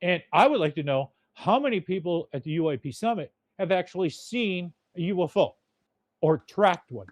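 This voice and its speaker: Male podcast host, cursing, blunt rambling rant, slightly high voice, dry close sound. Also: lively intonation, normal speed, no room sound. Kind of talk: casual rant.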